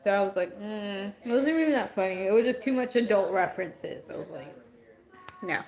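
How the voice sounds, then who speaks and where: A woman's voice: mid-range voice, expressive, brisk, a little mellow. A woman hosting a casual livestream, talking straight to her viewers and answering their comments, with a voice that is wearing out from a long stretch of talking. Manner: chatty, answers viewer comments as they come in. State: losing her voice. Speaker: livestream host.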